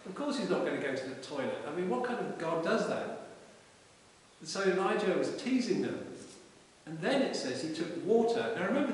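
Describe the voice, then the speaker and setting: A man delivers a chatty, storytelling sermon, his slightly high voice repeating words as he gathers his thoughts. He is picked up from well back in a church, and the sound rings with heavy echo and a long tail. Faint hiss runs underneath. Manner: informal storytelling with frequent restarts. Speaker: preacher. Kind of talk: conversational sermon. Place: parish church. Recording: echoey church hall from far off with hiss.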